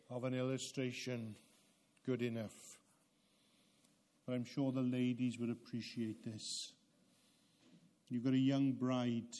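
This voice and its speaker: A man preaching a sermon, swinging from loud emphatic peaks down to low, quiet passages with dramatic pauses. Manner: slow, deliberate delivery with dramatic pauses.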